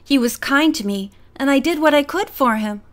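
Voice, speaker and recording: A woman's voice: high-pitched, animated, moderate pace, voice pushed up. A woman voicing a timid, frightened teenage girl who speaks in a faltering, hesitant way.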